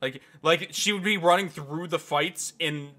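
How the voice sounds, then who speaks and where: A man's voice: fairly high pitch, a little slow, pushed and bright. A man co-hosting a podcast, chatting casually and laughing often, with lots of "like" fillers. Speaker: podcast co-host. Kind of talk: casual chat.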